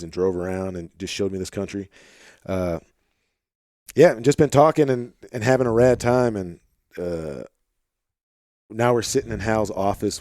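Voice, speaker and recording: Male podcast host, arkansas twang, low-pitched, dry close sound, easygoing and rambly. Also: dry recording. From St. Louis, Missouri. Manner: relaxed, rambling, many fillers. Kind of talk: casual conversation. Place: home office.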